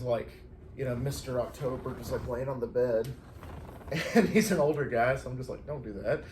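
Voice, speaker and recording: In this reverberant recording with slight background noise, a man's mid-range voice has a darkish tone. As a flower delivery driver, he tells casual stories from his day, chatting freely, laughing often and putting on voices for quotes.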